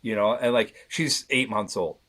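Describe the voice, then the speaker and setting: Earnest man speaking in halting restarts. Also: fairly low pitch, over a noisy crowd. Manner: earnest, rambling with many restarts. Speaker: podcast guest. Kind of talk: candid conversation.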